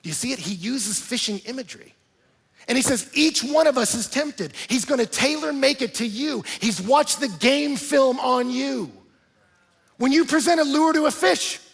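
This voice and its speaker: A man preaching in a large church auditorium, his husky voice carrying long reverb from the room. He talks to the congregation in a lively, conversational way, tossing in playful asides, and his voice sits high for a man. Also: moderate pace. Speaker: pastor. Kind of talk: sermon.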